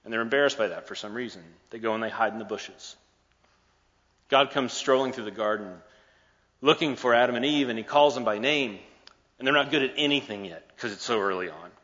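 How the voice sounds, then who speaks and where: A man's voice: mid-range voice, a little fast, bright, forceful tone. A man preaching a sermon, retelling a scripture story in a playful, joking way, recorded in a large hall with a dull sound and long echo.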